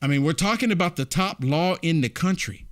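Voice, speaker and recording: A man hosting a political commentary video, ranting indignantly to camera and firing off rhetorical questions. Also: brisk. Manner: indignant, rhetorical questions, animated swings in pitch. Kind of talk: direct-to-camera political rant.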